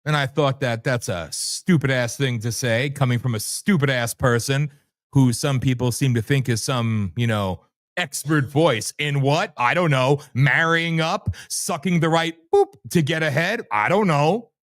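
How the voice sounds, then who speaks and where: A man hosting a livestream, delivering loud, brash, sarcastic commentary laced with profanity. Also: mid-range voice, measured pace, no echo, clean studio sound. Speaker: livestream host. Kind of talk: ranting commentary.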